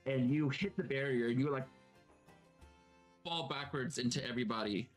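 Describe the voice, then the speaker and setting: A man's voice: mid-range voice, normal speed. A man narrating as game master of a tabletop game, who laughs often and repeats his words. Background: tavern music.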